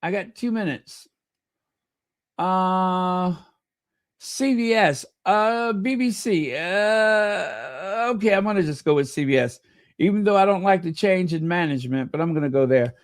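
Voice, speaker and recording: A man hosting a casual livestream, chatty and excitable, talking to himself as he goes. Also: sits high, unhurried, no room sound, clean studio sound. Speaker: livestream host.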